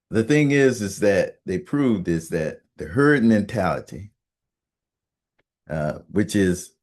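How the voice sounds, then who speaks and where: Slow, halting man with a low voice. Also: a little mellow. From United States. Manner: halting, many fillers and restarts. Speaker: radio talk host. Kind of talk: casual monologue.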